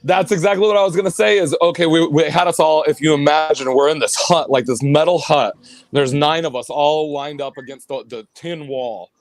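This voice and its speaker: A male musician guest telling road stories in a casual interview, animated and acting out what others said. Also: on the high side, a little fast, dry recording. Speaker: guest musician, band vocalist and bassist.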